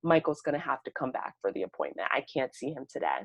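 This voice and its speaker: A woman voicing a busy female pediatrician who speaks in a brisk, matter-of-fact way. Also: extremely low pitch, big pitch swings, gravelly, no echo, voice pushed down, exaggerated voice. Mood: rushed.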